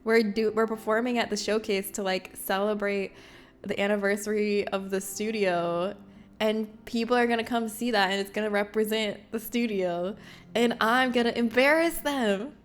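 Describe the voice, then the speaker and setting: A woman's voice: medium pitch, fairly even intonation, normal speed. A young woman hosting a livestream, chatting with her viewers in a bubbly, self-mocking way and laughing often. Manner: reads chat messages aloud. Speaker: livestream host. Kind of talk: casual chat with chat readers.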